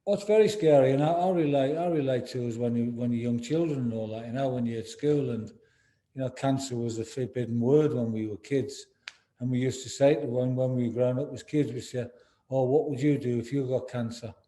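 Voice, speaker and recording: A man talks openly in an interview. His voice is deep and very dark and mellow in tone, and his speech is halting, full of restarts and "you know"s. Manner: halting, repeats words, says "you know" often. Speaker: interview guest, former footballer. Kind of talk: candid interview conversation.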